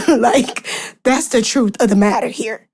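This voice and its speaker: A woman hosting a podcast, giving a casual devotional Bible message in a chatty, animated way with slang and quick asides. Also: fairly high pitch, breathy edge.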